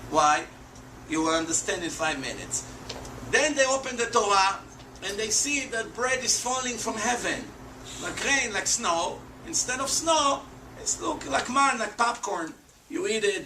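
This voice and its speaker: A man with a high, bright, ringing voice explains religious teaching to his stream, firing off rhetorical questions and pressing his points hard. His English has non-native phrasing. He sits back from the mic in an echoey room with a faint hum of noise behind him. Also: far from the mic. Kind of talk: animated religious explanation to a chat.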